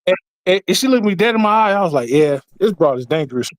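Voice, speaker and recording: A man telling a casual, animated story on a podcast, swearing and acting out quotes in a raised voice. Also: high-pitched, fast, no room sound, studio quality. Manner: profane, repetitive restarts. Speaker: podcast co-host. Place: home basement studio.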